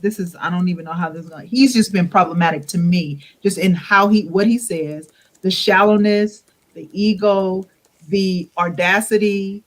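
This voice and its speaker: With a voice on the low side at normal speed, a woman joins a podcast as a guest over an online call. She keeps things casual and expressive, performing quotes and laughing along.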